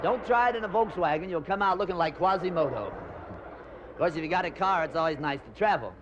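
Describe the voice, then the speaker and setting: A man's voice: a little high, lively intonation, quick pace, dull audio, noisy background. A man telling bawdy stand-up jokes with punchy timing. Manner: punchy joke delivery with accented punchlines. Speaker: stand-up comedian.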